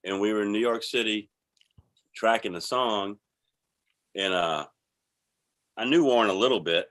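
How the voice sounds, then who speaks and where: A man with a very deep, low voice tells a casual story. He swears freely, talks in quick animated bursts and laughs often. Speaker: guest musician.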